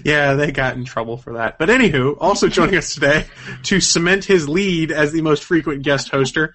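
A man's voice: fairly high pitch, fairly quick, fairly bright tone. A man hosting a casual podcast over webcam microphones, chatty and upbeat, laughing between lines. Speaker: host.

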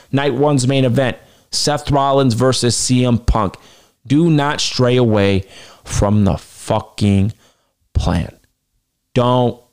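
A male podcast host talking solo in a casual, animated way. He swears freely and speaks with self-assured confidence. His voice sits at an ordinary middle pitch.

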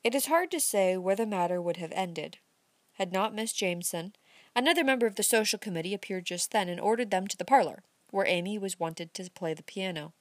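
A woman narrating a novel aloud in an expressive, measured storytelling manner. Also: medium pitch, dry recording. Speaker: audiobook narrator. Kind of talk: scripted narration.

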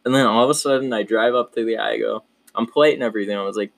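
A young man in his twenties chats through his own podcast in a loose, rambling, upbeat way, circling back and restarting sentences as he goes. His voice sits on the low side. It is recorded close and dry, with no room sound. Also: steady tone, very fast, gravelly, no room sound. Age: 20s. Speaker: podcast host. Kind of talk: casual solo podcast chat.

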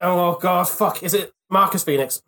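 A man's voice: sits high, normal speed, creaky, pushed and bright. A man playing a casual podcast quiz, guessing with lots of laughter and swearing. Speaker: quiz player.

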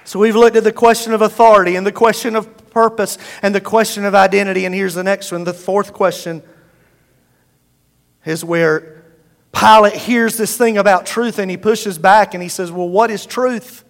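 High-voiced man preaching in a hall. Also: fairly even intonation, normal speed, vocal fry, a faint crowd. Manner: emphatic preaching with call-and-response. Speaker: pastor. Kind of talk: sermon.

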